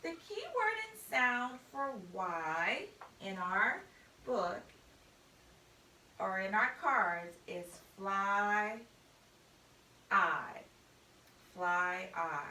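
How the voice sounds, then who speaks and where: Slow, bright-voiced woman teacher. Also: medium pitch, far from the mic. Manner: slow, deliberate, stretches and repeats sounds. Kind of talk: recorded phonics lesson for children. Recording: echoey room, voice off-mic, faint hiss.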